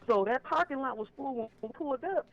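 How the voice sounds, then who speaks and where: High-voiced man calling in, emphatic. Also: expressive, fairly quick, gravelly, fairly bright tone, muffled recording. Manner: emphatic, aggrieved storytelling. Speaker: caller. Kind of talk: phone-in call on a live stream. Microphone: phone line.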